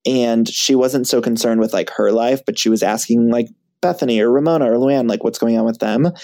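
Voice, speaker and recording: Man, podcast guest, casual chat, mellow tone, animated. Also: medium pitch, vocal fry. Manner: chatty, animated, self-mocking with quick laughs.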